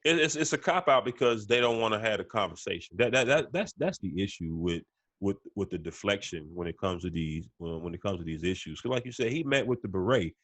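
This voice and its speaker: A man's voice: fairly low pitch, expressive, fairly quick, fairly bright tone, no room sound. A man co-hosting a sports podcast in casual chat, stumbling and repeating words, often saying "you know what I'm saying". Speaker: podcast co-host.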